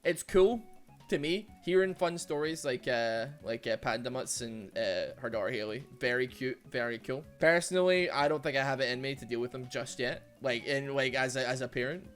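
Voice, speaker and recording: A man with a Glaswegian Scottish accent giving chatty, excitable commentary over his game, laughing often and trailing off into fillers. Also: mid-range voice, fairly quick, faint music behind. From Glasgow, Scotland. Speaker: streamer. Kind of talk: casual gameplay commentary.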